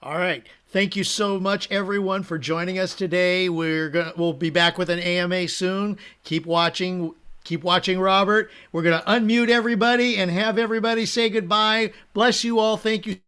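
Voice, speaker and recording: A man's voice: high voice, steady tone, normal speed, few pauses, sharp tone, clean tone. A man co-hosting a group video call, closing it with thanks and blessings.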